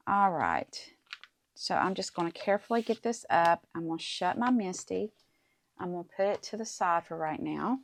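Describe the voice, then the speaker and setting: A woman's voice: fairly low pitch, gravelly, background noise. A middle-aged woman hosting a casual crafting tutorial at her desk, chatting to viewers as she works. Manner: chatty, talks to viewers while working, says "guys" and "okay?". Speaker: crafting channel host.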